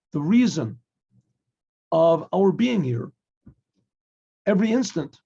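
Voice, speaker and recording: A rabbi teaching a class, talking plainly and acting out small scenes as he goes, with frequent throat clearing. His man's voice sits a little high yet sounds dark, with a gravelly, husky grain. The recording is muffled and lo-fi. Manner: conversational teaching with homely examples and acted dialogue. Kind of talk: Torah class.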